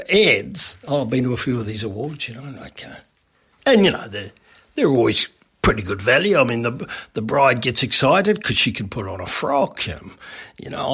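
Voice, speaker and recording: Rambling Australian man, gravelly voice. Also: medium pitch, fairly bright tone. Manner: rambling, with many restarts and asides. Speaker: radio advertising creator. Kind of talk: casual anecdote.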